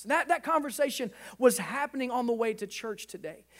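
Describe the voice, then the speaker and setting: Lively male pastor preaching a sermon. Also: very high-pitched, fast talker, creaky. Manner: animated preaching, quoted dialogue and exclamations.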